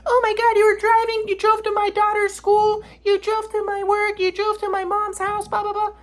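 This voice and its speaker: A man mimicking an angry ex-partner in a high, shrill voice, listing accusations. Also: monotone, moderate pace. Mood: accusing.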